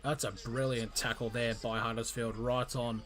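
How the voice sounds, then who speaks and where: A man calling a rugby league match live for his stream, in an amateur play-by-play style that jumps in excitement and often stumbles and corrects himself. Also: mid-range voice, moderate pace. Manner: excitable, frequent restarts and self-corrections.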